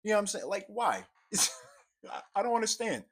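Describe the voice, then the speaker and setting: A young man rants to his viewers, cursing freely and sounding exasperated. His voice dips into low, muttered asides, then jumps up high into loud outbursts. It is a casual, unscripted commentary delivery. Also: very animated, brisk, husky. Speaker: commentary YouTuber. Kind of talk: ranting commentary.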